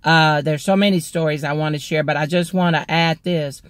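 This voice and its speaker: A woman from Mississippi, a motivational speaker and ordained minister, telling a personal testimony in a slow, deliberate way. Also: deep voice, fairly even intonation, dry recording.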